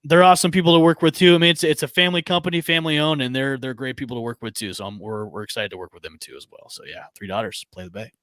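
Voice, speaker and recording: A man hosting a sports podcast in casual chat, excitable and rambling with stammered restarts. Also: medium pitch, racing, few pauses, dry recording. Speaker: podcast host.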